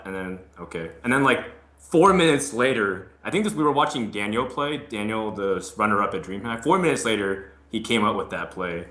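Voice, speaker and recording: A man chatting on a gaming panel, animated and talkative, slipping into quick impressions of others. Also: lowish voice, reverberant. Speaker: Hearthstone caster. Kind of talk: casual panel chat.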